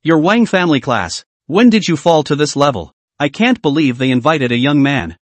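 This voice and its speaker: A man's voice: on the high side, animated, moderate pace, no room sound, natural voice. Narrator as taunting male rival master, dry close sound.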